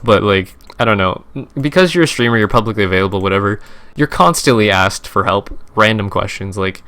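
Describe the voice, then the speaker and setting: A man's voice: lowish voice, expressive, brisk, sharp tone. A young man, a streamer, casually recapping his game trades in a rambling, profane, self-correcting way.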